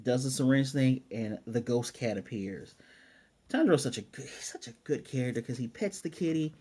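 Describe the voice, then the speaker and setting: A man's voice: medium pitch, normal speed, breathy edge. A man casually recapping an anime episode, retelling scenes with lots of fillers and restarts. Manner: excited storytelling with frequent fillers and restarts. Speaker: anime reviewer.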